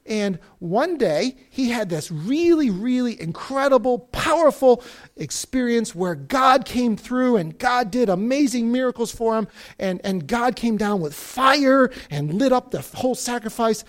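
A Bible teacher telling stories to a class in an expressive way, swinging between loud outbursts and hushed moments and calling on people to read. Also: mid-range voice, a little slow. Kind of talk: animated Bible story lesson.

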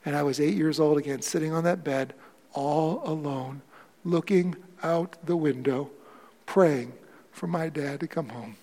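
A man in his forties preaching a sermon in a large auditorium. He tells a personal story quietly, then builds to impassioned preaching. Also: on the high side, a little slow, in a large hall. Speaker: pastor.

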